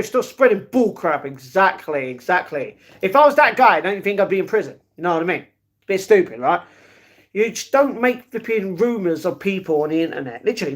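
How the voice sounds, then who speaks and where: Young guy live streaming, high voice, chatty and friendly with chat, calls folks darling. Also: a bit bright. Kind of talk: casual live-stream chat reading comments.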